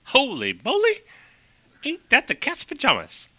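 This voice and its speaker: A man voicing a cheerful, folksy woman pilot from the past, talking fast and clipped with old-fashioned exclamations. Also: extremely high pitch, huge pitch swings, bright, forceful tone, no room sound, pitched above the performer's own voice, exaggerated voice. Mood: chirpy. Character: brisk chatty woman aviator, cheerful and folksy.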